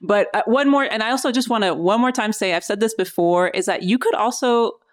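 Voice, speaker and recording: A woman's voice: medium pitch, fairly quick. A woman hosting a podcast interview, upbeat and chatty, mixing in Spanish words. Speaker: podcast host. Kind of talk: casual interview.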